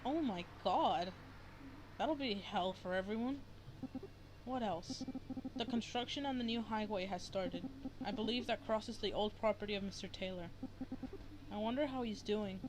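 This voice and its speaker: A woman's voice: mid-range voice, moderate pace, long pauses, noisy background, close to an everyday voice. A woman voicing a weary young male lawyer, reading game dialogue plainly over game music.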